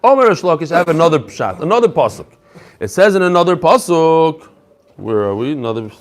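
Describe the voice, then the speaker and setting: Male rabbi, fairly high voice, lively lecturing style, mixes English with Hebrew and Aramaic terms. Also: fairly quick. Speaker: rabbi teaching a daily Talmud class. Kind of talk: lively Talmud lecture to a live group.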